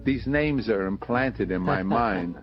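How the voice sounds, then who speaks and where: An older man in an archival interview, telling lively anecdotes and acting out the people he quotes. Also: on the low side, takes it slowly, dull audio, over music. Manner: lively raconteur, acts out quoted voices. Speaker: interviewee recalling his radio career.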